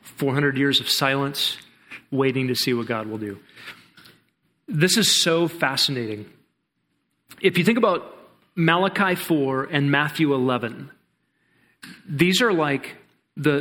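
Bible teacher, man, fairly high voice; earnest, explains step by step and poses questions to the group. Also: a little slow, long pauses, sharp tone.

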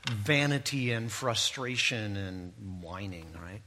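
A man's voice: medium pitch, expressive, normal speed, pushed and bright. A man preaching a sermon in a conversational way, breaking in with asides and tag questions. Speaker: pastor.

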